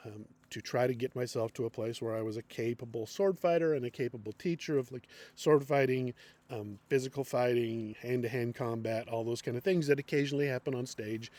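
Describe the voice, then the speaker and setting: Male acting teacher, middle-aged, rambling unscripted lecture, average pitch. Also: moderate pace, a little mellow. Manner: unscripted, many ums and restarts. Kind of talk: classroom lecture.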